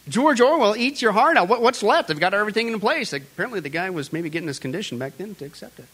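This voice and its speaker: A man's voice: sits high, very animated, fast, hardly any pauses, fairly bright tone. A male host giving emphatic, preaching commentary and often addressing his audience directly. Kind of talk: preaching commentary on current events.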